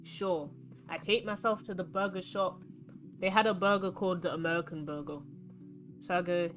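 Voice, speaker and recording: A woman's voice: fairly low pitch, moderate pace. Young london girl streaming a card game, chatty and rambly, bit of music under her. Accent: London English. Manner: chatty, rambling, animated storytelling. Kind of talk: casual chat while playing a card game.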